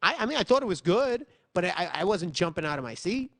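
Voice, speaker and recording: Animated, higher-voiced host telling stories. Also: male voice, a little fast, creaky, no echo. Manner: animated storyteller, acts out other people's voices. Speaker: podcast host. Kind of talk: casual storytelling chat.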